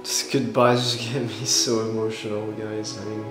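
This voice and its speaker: A man talking to his viewers in a casual reaction vlog, gushing and excitable, with nervous laughs and restarts, tired after staying up all night. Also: fairly low pitch, normal speed. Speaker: YouTuber reacting to a film marathon. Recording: roomy echo with soft music behind.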